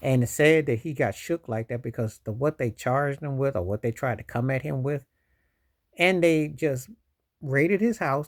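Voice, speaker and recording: A man's voice: mid-range voice, normal speed. A man giving casual, emphatic commentary on a video channel, rambling and preachy at times. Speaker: YouTube commentator.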